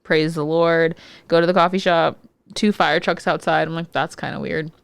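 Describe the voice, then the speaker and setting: Woman, podcast co-host, casual chat, lowish voice, dry close sound, wry sarcastic quips. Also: steady tone, brisk, creaky, no echo.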